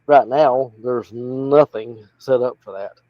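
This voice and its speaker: A man's voice: mid-range voice, slow, no room sound, lo-fi sound. A man with an Appalachian accent, talking in a plainspoken, folksy, rambling way as a political candidate in an interview. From North Carolina. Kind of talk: casual interview talk.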